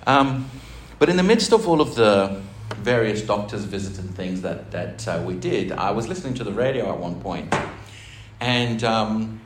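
Pastor guy preaching, chatty and jokey, echoey church, bit of hiss. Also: fairly low pitch. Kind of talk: sermon. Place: church hall. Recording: roomy church recording with faint noise.

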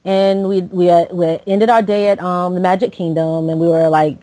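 A woman's voice: lowish voice, brisk, hardly any pauses, warm tone, no echo, low-quality recording. A woman in her late thirties from Florida, a podcast host telling a personal story with lots of fillers and restarts. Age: late 30s. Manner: rambling, with many fillers and restarts.

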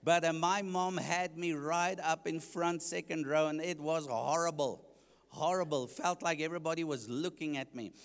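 In a church with long reverb, an evangelist preaches his sermon testimony, animatedly acting out how he once reacted. His voice sits on the high side at a normal speed.

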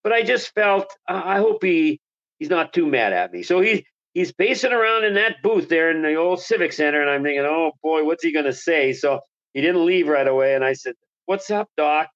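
A man's voice: fairly high pitch, animated, a little fast, fairly bright tone, highs cut off. A man who was a hockey color analyst, telling a long story as an interview guest, enthusiastic and rambling with restarts.

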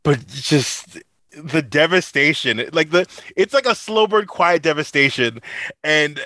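A man's voice: a little high, lively intonation, measured pace, pushed and bright, dry recording. A man appearing as a guest on a film podcast, talking casually and emotionally and searching for words as he sums up a heavy movie.

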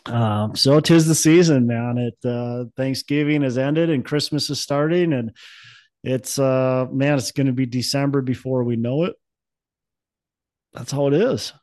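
A man's voice: medium pitch, measured pace, a little mellow, no echo. A man in his thirties from Minnesota, co-hosting a podcast in casual chat, rambling and upbeat with many restarts. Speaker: podcast co-host.

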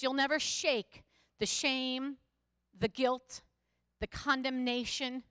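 Clear-voiced woman preaching a sermon. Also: high-pitched, a bit bright, no echo, clean studio sound. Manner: conversational storytelling preacher, rising to emphatic exhortation. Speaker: pastor.

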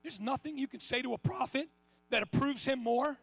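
Middle-aged man preaching, very high gravelly voice, impassioned, dry close sound. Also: moderate pace, no echo. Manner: impassioned, swings from shouting to hushed asides. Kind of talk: sermon.

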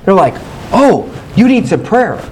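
A man preaching a sermon, telling a personal story in an animated, candid, self-mocking way and acting out his own past dialogue. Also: high voice, a little slow, slight background noise, low-quality recording.

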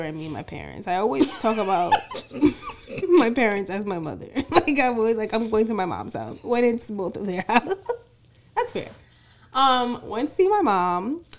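A woman co-hosting a podcast, telling stories in a relaxed, chatty way. She laughs often and drops the occasional curse. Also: mid-range voice. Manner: laughing, storytelling, casual and profane. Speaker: podcast co-host. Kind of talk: casual chat.

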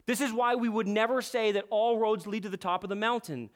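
A man's voice: high voice, fairly even intonation, brisk. A male pastor preaching a sermon with impassioned emphasis that builds to strong peaks.

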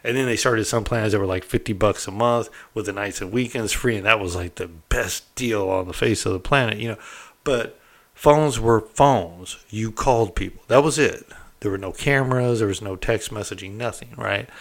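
A middle-aged man casually recounting a prison story, candid and animated, often tossing in "right?" and mild swearing. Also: lowish voice, moderate pace, gravelly.

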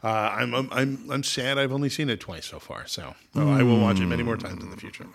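A man's voice: medium pitch, animated, fast, vocal fry. A man co-hosting a casual film podcast, agreeable and loose, often affirming and cursing lightly. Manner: agreeable, casual, frequent backchannel and swearing. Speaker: podcast co-host.

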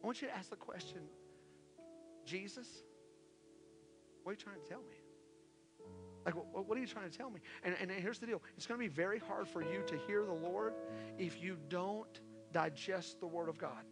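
A male pastor preaching a sermon, repeating his calls and swinging from hushed pleas to loud exhortations. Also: sits high, normal speed, pauses often. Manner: impassioned, repetitive exhortations, swings from hushed to shouting. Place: church sanctuary. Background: soft worship music.

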